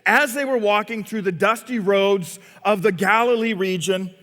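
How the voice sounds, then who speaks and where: A man's voice: high-pitched, moderate pace, a bit bright. A male pastor preaching a sermon, telling the story dramatically and acting out scenes, recorded in a church with long reverb. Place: church sanctuary.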